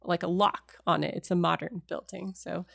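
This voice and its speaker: A woman narrating as game master of a tabletop game, describing scenes in a relaxed way with many pauses and fillers. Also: fairly low pitch, creaky, dry recording, studio quality.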